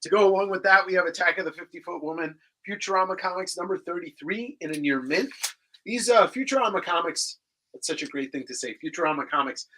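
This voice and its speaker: A man's voice: sits high, lively intonation, fast, pushed and bright, a little hiss or hum, low-quality recording. A man co-hosting a live comic book claim sale, joking around and rattling off comic listings and prices. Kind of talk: casual live-stream banter and sales.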